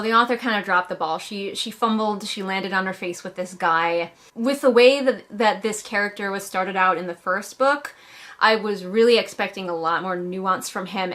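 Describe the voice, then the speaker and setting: Woman, book reviewer, casual chat, animated, emphatic pitch jumps, close mic.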